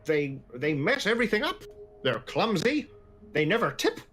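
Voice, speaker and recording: A man voicing a surly elderly female tavern keeper with an eye patch, in a gruff, snapping manner. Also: high-pitched, big pitch swings, normal speed, a bit bright, voice pushed up. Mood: grumpy.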